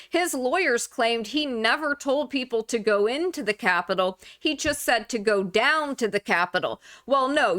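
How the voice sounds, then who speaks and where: Woman, slightly high voice, emphatic, indignant, casual commentary with fillers. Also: a bit bright. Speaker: independent video commentator. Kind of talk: casual commentary over clips.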